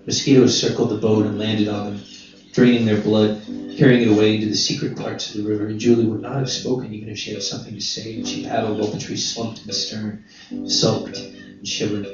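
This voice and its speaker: A man reading literary fiction aloud in a measured, unhurried way. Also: on the low side. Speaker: narrator. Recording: roomy distant dull recording with guitar.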